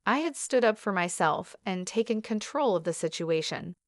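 Woman, story narration, calm, measured, mid-pitched, dry close sound. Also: dry recording. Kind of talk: first-person story narration.

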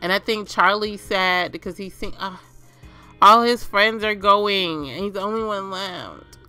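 Bright-voiced woman doing dramatic game commentary. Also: medium pitch, measured pace, clear, resonant tone, faint music behind. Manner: dramatic, exclaiming. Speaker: gaming channel host. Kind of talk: let's play commentary.

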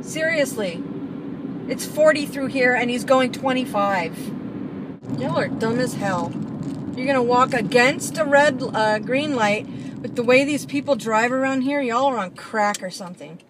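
Driving and filming at once, a Florida woman rants at other drivers in sarcastic, swearing mutters. Her voice is on the high side with a measured pace, and road noise fills the car cabin.

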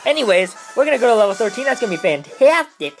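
A young man doing excitable gameplay commentary, swearing a lot and shouting in glee. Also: very high voice, fast talker, soft background music. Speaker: let's play commentator.

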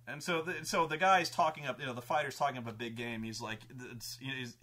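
A man, host and game master, telling a tabletop campaign story in an excitable, profane way with many restarts. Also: medium pitch, brisk.

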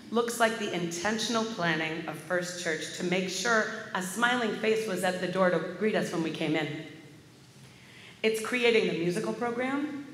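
A woman's voice: fairly low pitch, fairly bright tone, slight background noise. A woman minister delivering a sermon as a vivid personal story. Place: large church sanctuary. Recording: echoey hall with faint ambience.

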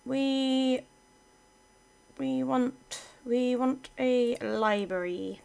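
A young woman gives casual let's-play commentary, chatting away and talking to her game pieces. Her voice sits a little higher than most women's. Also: fairly even intonation, drawn-out words, vocal fry, a little mellow.

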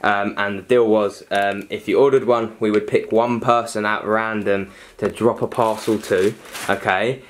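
A man's voice: on the low side, level tone, moderate pace, slight background noise. A young man in a scripted first-person skit, rambling awkwardly with nervous fillers while delivering a parcel. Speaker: clothing brand creator delivering a parcel.

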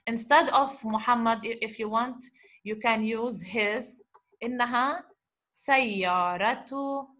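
A woman teaching a grammar lesson, explaining slowly, repeating examples and asking the class rhetorical questions. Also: a little high, fairly bright tone. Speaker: Arabic teacher.

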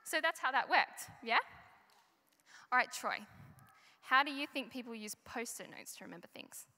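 Speaking with a sharp tone at a moderate pace, a young woman tells the children's story at a church service, chatting and asking the audience questions. Her voice is slightly high and expressive, and the live recording from the large hall carries long reverb.

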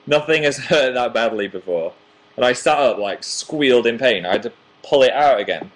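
Young male livestream host, chatty and self-mocking, slightly low voice, reading fan comments. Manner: chatty, self-deprecating, reads viewer comments aloud.

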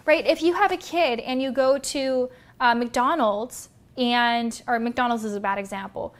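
A woman, a business coach and vlogger, giving an energetic, direct motivational talk to her viewers. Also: high voice, moderate pace, few pauses.

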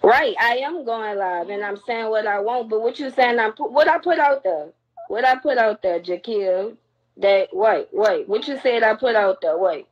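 A woman's voice: fairly high pitch, lively intonation, normal speed. Blunt young woman ranting on a phone stream. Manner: blunt, confrontational, scolding. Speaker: livestreamer. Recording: lo-fi phone livestream audio.

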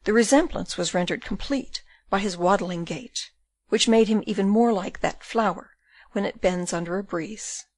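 A woman's voice: medium pitch, moderate pace, darkish tone, no echo. Woman narrating a classic novel. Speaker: audiobook narrator. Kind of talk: scripted narration.

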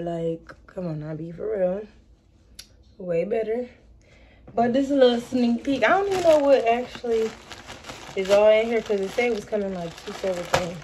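A woman's voice: medium pitch, background noise. A woman vlogging in casual chat, talking to her viewers directly as she unpacks and shows off purchases. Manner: chatty, talks to viewers as y'all.

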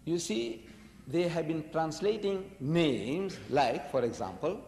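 Male preacher, argumentative and emphatic, lecturing; raised pitch, reverberant hall. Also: expressive, slow pace, a little mellow, slight background noise. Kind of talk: religious lecture to an audience.

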